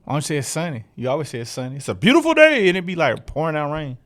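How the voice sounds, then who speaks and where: A man's voice: fairly high pitch, racing. A man co-hosting a casual podcast, teasing his partner in playful banter. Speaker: podcast co-host. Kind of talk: casual sports podcast chat.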